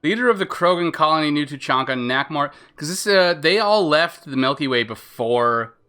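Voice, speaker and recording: A man's voice: on the high side, expressive, normal speed, sharp tone, smooth. A man streaming a video game, commenting in a casual, rambling way with lots of fillers. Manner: rambling, chatty, lots of fillers and self-interruptions. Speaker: gaming streamer.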